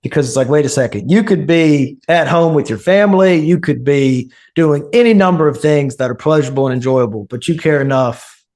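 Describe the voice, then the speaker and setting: A man's voice: fairly high pitch, brisk, darkish tone. A man guest on a podcast, a divinity student, telling stories in an earnest way and acting out what people said. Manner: earnest, acts out quoted speech. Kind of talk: casual storytelling interview.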